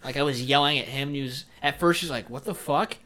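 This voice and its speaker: A young man co-hosting a casual podcast chat, profane and animated, bursting into loud shouts when retelling arguments. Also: mid-range voice, quick pace. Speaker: podcast co-host.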